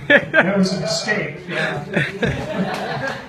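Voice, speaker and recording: A man doing stand-up, telling a rambling story and laughing at his own jokes. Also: high-pitched. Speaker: stand-up comedian. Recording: echoey room from far off with faint ambience.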